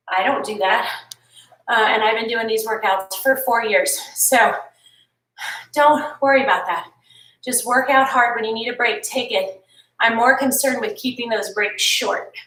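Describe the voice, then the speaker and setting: A woman's voice: a little high, a bit bright, distant mic. A woman leading a home workout, chatty and encouraging, swapping stories between exercise cues, tired and yawning. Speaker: fitness instructor. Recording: echoey room, voice a bit off-mic.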